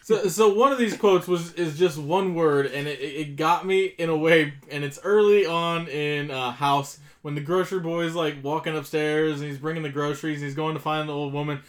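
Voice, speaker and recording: A man's voice: on the high side, fairly even intonation, moderate pace, few pauses. A man on a casual movie podcast telling a story with stammering restarts, laughing and swearing. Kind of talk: casual chat.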